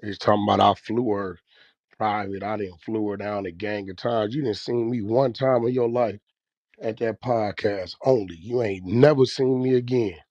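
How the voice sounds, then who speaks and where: A man's voice: lowish voice, steady tone, normal speed, a little mellow, no room sound. Brash guy hosting, swearing a lot, dry muffled sound, mid voice. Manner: brash, profane, laughing. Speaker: host. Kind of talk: casual chat.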